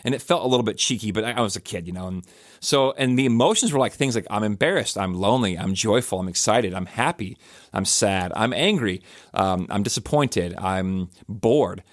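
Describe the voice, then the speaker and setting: A man's voice: fairly low pitch, brisk, no echo, studio quality. A man hosting a church podcast, telling stories in a loose, rambling way with many fillers and restarts. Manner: rambling, self-correcting storyteller with frequent fillers. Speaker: pastor and podcast host. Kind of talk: casual podcast talk.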